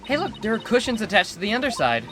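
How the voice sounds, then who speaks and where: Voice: medium pitch, big pitch swings, fast talker, noisy background, voice pushed up, close to an everyday voice. A streamer voicing a cheerful, teasing teenage girl magician while reading a game aloud. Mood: encouraging. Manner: bubbly, teasing, upbeat.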